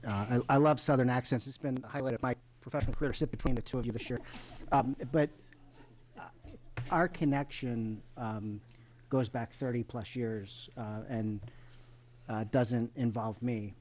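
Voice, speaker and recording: A man's voice: mid-range voice, fairly even intonation, moderate pace, darkish tone, a little hiss or hum. A man on a school board giving a tribute in a public meeting, hesitating often with uh and um. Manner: hesitant, many uh and um fillers. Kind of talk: formal tribute speech.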